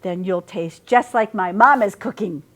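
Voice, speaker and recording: A woman's voice: mid-range voice, a little slow, natural voice. A woman voicing a sly, hungry male wolf villain with an oily, teasing menace in a storybook reading.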